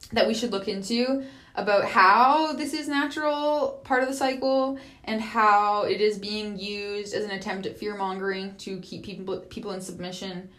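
A woman hosts a podcast alone and speaks in a casual monologue. She is chatty and profane and laughs easily as she rambles through her story. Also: mid-range voice. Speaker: podcast host.

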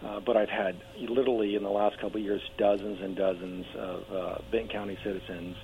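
Hoarse deep-voiced man on a phone line. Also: level tone, a little fast. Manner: eager, restarts, many uh fillers. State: hoarse, losing his voice. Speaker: political candidate guest. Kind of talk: radio interview by phone. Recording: tinny phone line with faint hum.

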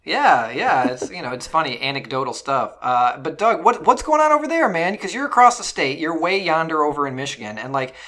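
A man hosting a casual podcast, joking and teasing his co-hosts in a lively, animated way. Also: on the high side, fairly quick, hardly any pauses. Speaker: podcast host. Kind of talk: casual chat.

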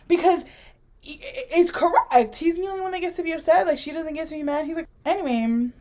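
A woman co-hosting a casual podcast, joking sarcastically and laughing often. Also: sits high. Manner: sarcastic, animated, quick to laugh. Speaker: podcast co-host. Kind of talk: casual book-club chat.

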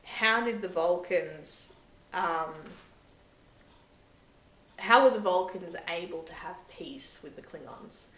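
A woman's voice: lowish voice, takes it slowly, long pauses, a bit bright. Rambling woman podcaster, echoey room. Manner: rambling, heavy use of "like" and "sort of". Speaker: podcast host. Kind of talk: casual chat recapping a TV episode. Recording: roomy echo.

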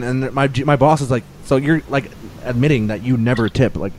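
A man's voice: medium pitch, a little mellow, slight background noise. A man in casual chat, bluntly complaining about bad tippers with plenty of swearing. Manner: blunt, fast, profane complaining. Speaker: pizza delivery driver.

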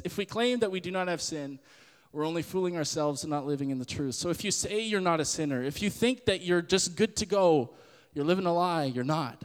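A young man gives a casual, sermon-like Bible talk, animated and quick to act out the voices he quotes. His voice sits a little high for a man. A long reverb trails after his words. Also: clean tone. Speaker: podcast host.

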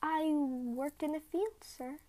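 Brief: woman voicing a humble, devoted young farmer, stammering and polite, pitched high for a storybook. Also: slow pace, mellow. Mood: earnest.

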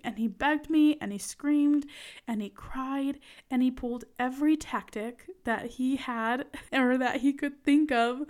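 A woman in her thirties hosting a motivational podcast as a life coach, talking in an affectionate, encouraging way with soft laughs. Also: on the high side.

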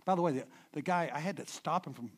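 A middle-aged male preacher with a fairly high voice. He tells stories to a congregation in a loose, stop-start way, repeating words as he goes. He drops to a hush, then swells loud to drive his points home. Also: quick pace. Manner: animated storyteller, swings from hushed to loud emphasis; frequent repeated words and restarts. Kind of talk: sermon with anecdotes.

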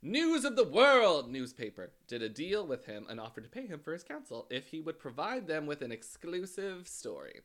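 A man's voice: fairly high pitch, huge pitch swings, normal speed, hardly any pauses, a bit bright. A man co-hosting a casual podcast, telling a true-crime story with frequent ums and dry asides. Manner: hesitant, many ums and uhs, dry asides. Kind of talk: casual chat, recounting a case.

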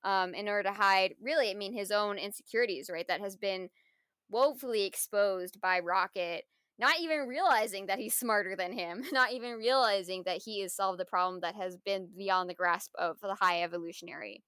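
A woman's voice: mid-range voice, moderate pace, fairly bright tone, clean tone, dry recording, clean studio sound. A woman co-hosting a casual film review podcast, talking thoughtfully and reflectively, full of "like" and "you know". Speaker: podcast co-host.

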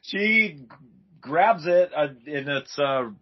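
Laid back husky guy recapping comics, laughs easy, kinda muffled. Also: a little high, expressive, slow pace. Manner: agreeable, gives short replies, laughs easily. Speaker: podcast guest. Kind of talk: casual comic book discussion. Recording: slightly muffled audio.

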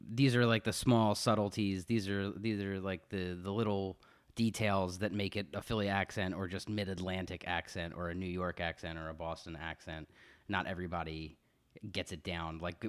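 A man's voice: low-pitched, no room sound. A man from Philadelphia talking casually as a podcast co-host, with lots of fillers. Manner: chatty, many fillers, reads some passages aloud. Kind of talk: casual chat.

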